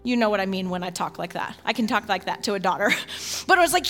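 A woman pastor preaching a sermon in an animated, folksy way, with quick casual asides and rising excitement. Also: mid-range voice, faint music behind.

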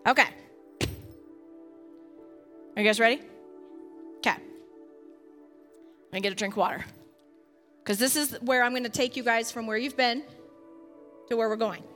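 A woman leading an interactive bible study for a group, swinging from quiet asides to loud, emphatic preaching. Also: fairly high pitch, fairly even intonation, normal speed, long pauses, faint music behind. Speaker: bible teacher.

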